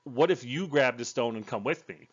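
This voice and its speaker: A man voicing a wry male time-traveler in a battle suit, talking in a quick, pleading way. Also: medium pitch, lo-fi sound, lightly acted. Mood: earnest.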